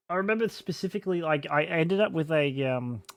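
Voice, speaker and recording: High-voiced man telling a story. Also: animated. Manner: halting, restarts often, acts out quotes. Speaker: podcast co-host. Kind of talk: casual storytelling chat.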